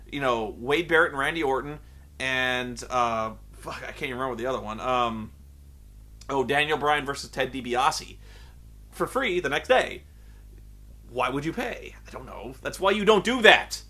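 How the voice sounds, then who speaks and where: A man reviewing a wrestling show in a casual, sarcastic rant. He swears freely and drifts off on tangents. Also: on the high side. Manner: animated, profane, sarcastic, goes off on tangents. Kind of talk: casual ranting commentary.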